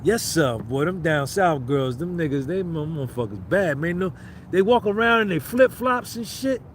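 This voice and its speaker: A man's voice: fairly high pitch, lively intonation, moderate pace, a little hiss or hum. A man with a New Jersey accent, hosting a casual livestream and rambling with viewers in profane banter. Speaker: livestream host.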